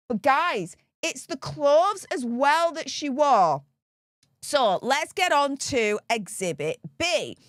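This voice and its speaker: A woman's voice: on the high side, no room sound, studio quality. Sarcastic British woman vlogger. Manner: sarcastic, animated. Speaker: commentary vlogger. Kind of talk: casual commentary.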